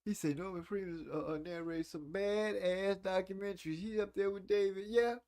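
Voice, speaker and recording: A man's voice: sits high, fairly even intonation, normal speed, darkish tone. A man in his forties hosting a casual live stream, chatting and teasing viewers about old movies. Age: 40s. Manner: playful, teasing, reads chat aloud.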